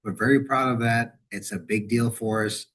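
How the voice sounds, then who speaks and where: A man's voice: mid-range voice, normal speed, slightly rough. A middle-aged man, a university veterans director, talking as a webinar guest over a video call, rambling and restarting his sentences. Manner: rambling, restarts and repeats words, animated when quoting. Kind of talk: conversational webinar interview.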